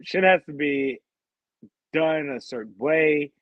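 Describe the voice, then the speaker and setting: A laid-back man in casual podcast chat, swearing easily as he rates songs. His voice sits a little high, and the sound is dry and slightly dull, like a lo-fi call. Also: slow, a bit bright, no room sound. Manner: laid-back, profane, gives scores. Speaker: podcast co-host. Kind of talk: casual music review chat.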